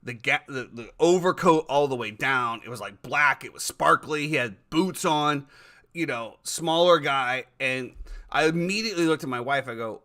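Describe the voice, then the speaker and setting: Bright-voiced man telling stories on a podcast. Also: medium pitch, normal speed. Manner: animated storyteller, repeats words. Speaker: podcast host. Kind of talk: casual podcast chat.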